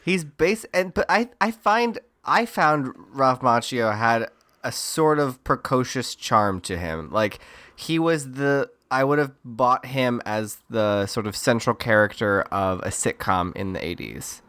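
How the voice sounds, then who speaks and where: A man's voice: mid-range voice, animated, unhurried, fairly bright tone, dry recording. Rambling man with a dry sound. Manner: rambling, filler-heavy musing. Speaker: podcast co-host. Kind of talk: casual chat.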